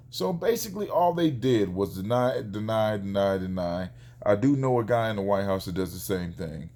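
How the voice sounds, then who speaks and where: A man, a father, telling a neighbor story in a casual vlog, animated and acting out the quoted exchanges. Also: fairly low pitch, moderate pace.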